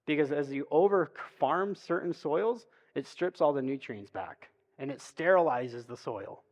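A man preaching a sermon as pastor, in a relaxed, conversational storytelling way, often checking in with "right?". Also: fairly high pitch, measured pace. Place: church sanctuary. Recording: long reverb of a church hall.

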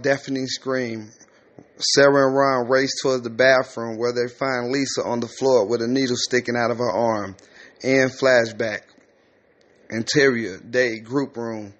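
A man's voice: mid-range voice, flat delivery, a little slow. A man reading a screenplay aloud, with plain, matter-of-fact stage directions, on a slightly muffled lo-fi recording. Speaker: script reader.

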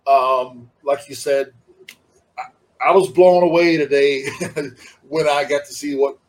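A man's voice: mid-range voice, steady tone, takes it slowly, rough recording. A middle-aged man talking casually as an interview guest, rambling and laid-back, with many restarts. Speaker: interview guest, former wrestler.

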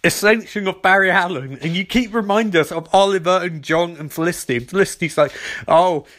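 A man's voice: sits high, quick pace, a bit bright. A man giving a sarcastic, rambling comedic recap of a TV episode.

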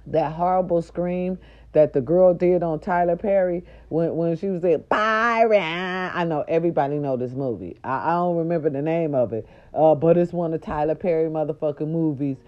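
A middle-aged woman, a nurse aide, telling viewers a story in a loud, profane, indignant rant. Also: low-pitched, moderate pace. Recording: dull lo-fi recording.

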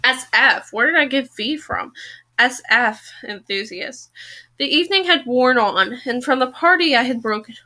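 Woman reading a sci-fi novel out loud, bright voice, a bit high, fixes her own slips. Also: animated, moderate pace. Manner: casual, self-correcting reading. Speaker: podcast book reader.

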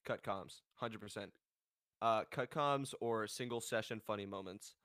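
A man's voice: lowish voice, measured pace, a bit bright, no echo, studio quality. A man as a podcast guest in casual chat, laid-back, joking and crude.

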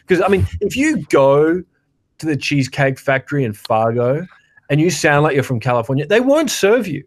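A man's voice: a little high, big pitch swings, moderate pace. A man in his thirties from Australia, co-hosting a podcast in casual, rambling chat with frequent restarts and playful rants. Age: 30s. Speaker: podcast co-host.

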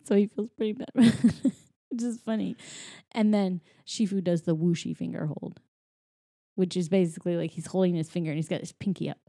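A woman chatting casually about a movie she just watched, retelling its scenes in an animated way. Her voice is mellow and warm, never sharp. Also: fairly low pitch, a little fast. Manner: animated retelling, voicing characters playfully. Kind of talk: casual movie recap chat.

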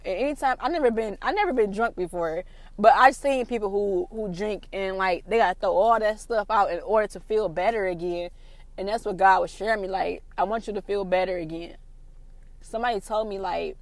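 A woman's voice: mid-range voice, fairly quick, no echo. A young woman, giving an emotional faith testimony in a rambling vlog, with lots of "like". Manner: rambling, fills with "like". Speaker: vlogger.

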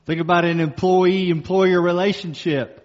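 A man's voice: high voice, steady tone, darkish tone. Man preaching in a reverberant hall. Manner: emphatic, slows for key phrases, repeats lines for stress. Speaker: pastor. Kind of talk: sermon. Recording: muffled sound with long reverb in a hall.

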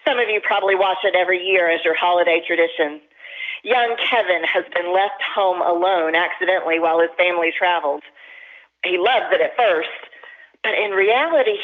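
An earnest pastor preaches a sermon at an even middle pitch, slowing down to lean on the phrases that matter. The voice comes through narrow and tinny, like a telephone line. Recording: tinny phone-line sound.

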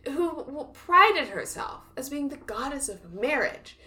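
Woman co-host, relaxed slow pace, giggly and rambling. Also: sits high. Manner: chatty, laughs often, restarts sentences. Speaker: podcast co-host. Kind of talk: casual chat.

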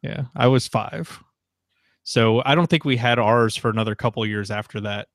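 Man, 30s, mid-pitched podcast co-host, rambling and filler-heavy, dry close sound. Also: normal speed, dry recording. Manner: rambling, lots of fillers and likes. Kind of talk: casual chat.

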